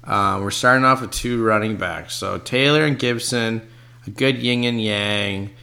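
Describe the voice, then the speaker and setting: A man giving casual, excitable commentary on his own fantasy football draft, talking to his viewers as folks and swearing when picks go against him. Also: lowish voice, unhurried, creaky.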